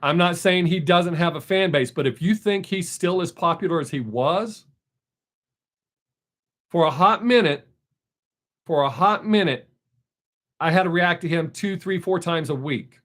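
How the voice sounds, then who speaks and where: A man's voice: a little high, a little slow, pauses often, a bit bright. A man hosting a casual live stream, answering viewer comments in a blunt, opinionated way.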